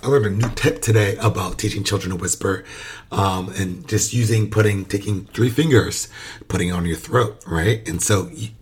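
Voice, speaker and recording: A man's voice: low-pitched, moderate pace, a little hiss or hum. A man hosting a podcast, talking loosely about his work with young children, with lots of fillers and restarts. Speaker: podcast host; early childhood educator. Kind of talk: casual podcast monologue.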